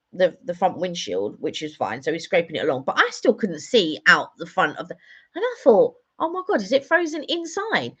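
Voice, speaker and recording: A woman's voice: on the low side, dull audio. A woman chatting casually on a live stream, telling rambling stories with lots of fillers. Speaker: vlogger doing a live stream. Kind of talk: casual chat.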